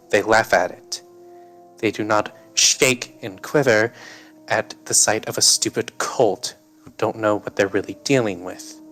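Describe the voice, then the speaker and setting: A man playing a brash, profane male soldier commander giving rousing orders, with faint music behind. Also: lowish voice. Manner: rousing, swearing, forceful.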